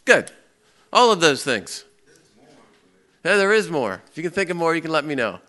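A man teaching a Bible class in a lively way. He tells a story and keeps asking his listeners questions. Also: on the high side, normal speed. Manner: lively, asks the audience questions, acts out a story. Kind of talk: interactive sermon with storytelling.

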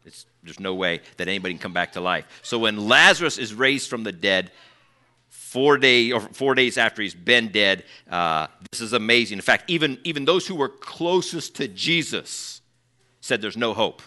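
A man preaching a sermon as pastor, telling stories with animated asides and acting out the people he quotes. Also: lowish voice, moderate pace. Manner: conversational asides to the congregation.

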